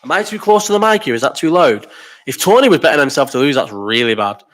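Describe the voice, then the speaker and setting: Rambling man in his thirties, crisp mid-pitched voice, sweary chat-show host, a little ill and coughing. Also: expressive, fairly bright tone. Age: 30s. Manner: rambling and sweary, quick banter. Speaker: host of a live chat stream. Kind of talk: casual chat reading viewer comments.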